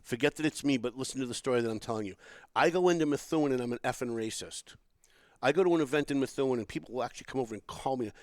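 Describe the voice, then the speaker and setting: Fast-talking middle-aged male podcast host. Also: mid-range voice, no room sound. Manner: animated storytelling, acts out quotes. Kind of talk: casual political chat.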